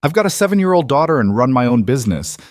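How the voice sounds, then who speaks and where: A man voicing a steady, protective single father who runs his own business, speaking calmly and reassuringly. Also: medium pitch, fast, dry recording, clean studio sound, voice pushed up, close to an everyday voice. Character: steady single dad, tradesman, calm and protective.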